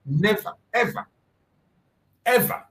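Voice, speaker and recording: A man's voice: high voice, expressive, slow, a bit bright, a little hiss or hum, poor audio. A man from southeastern Nigeria, hosting an impassioned political commentary and hammering his points home with repetition. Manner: fervent, repetitive, emphatic. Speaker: channel host.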